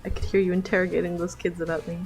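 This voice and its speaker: A woman voicing a calm, gentle ghostly healer spirit in a comic read-along, speaking softly and formally with faint music behind. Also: on the low side, very fast, lightly acted, low-quality recording. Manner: soft, formal, reassuring. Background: faint background music.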